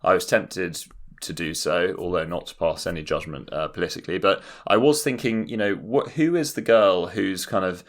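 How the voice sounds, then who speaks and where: Brief: young London man with a British accent, very low voice, dry comic storyteller for a podcast. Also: moderate pace. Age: young adult. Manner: wry, dry anecdotal delivery. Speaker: podcast co-host. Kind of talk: casual comedic storytelling.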